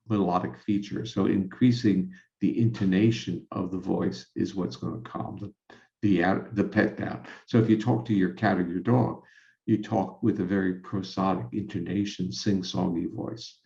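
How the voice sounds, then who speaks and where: Older male guest, gravelly low voice, measured explainer, roomy dull recording. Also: fairly even intonation, mellow. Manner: measured, explanatory, laughs often. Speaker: guest scientist. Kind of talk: explanatory interview talk.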